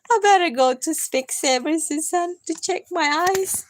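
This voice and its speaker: A tired woman chatting on a casual live stream, gently coaxing and self-mocking, often repeating her listener's name. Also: very high-pitched, moderate pace, few pauses, a little hiss or hum. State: tired from lack of sleep. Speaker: livestreamer.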